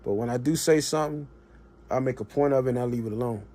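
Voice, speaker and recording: On a streaming mic, a male livestream commentator delivers a blunt, colloquial political rant that builds to impassioned emphasis. He speaks quickly in a warm, medium-pitched voice.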